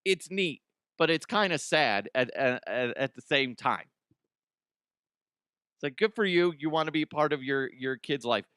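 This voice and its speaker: A man's voice: a little high, animated, a little slow, bright, forceful tone, smooth, dry recording, clean studio sound. A man hosting a comedic news show, rambling bluntly through headlines, swearing and laughing at his own jokes. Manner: casual, blunt, frequent restarts. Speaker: host.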